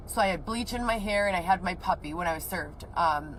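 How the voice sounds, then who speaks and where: A woman with a lower-pitched voice pours out a personal account, agitated and rambling, cursing freely as she goes. Faint background noise sits under her voice. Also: fairly quick, poor audio. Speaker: woman telling her own story.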